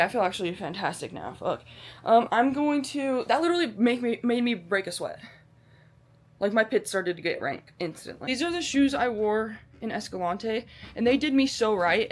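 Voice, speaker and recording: Bubbly, foul-mouthed woman vlogger, higher voice. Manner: bubbly and profane, with frequent swearing and slang; rambling and self-deprecating. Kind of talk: casual chatty vlog.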